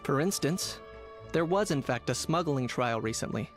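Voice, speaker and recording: An actor playing a composed adult man in a game, speaking in a calm, measured, matter-of-fact way. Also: mid-range voice, over music, lightly acted. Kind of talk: game voice acting.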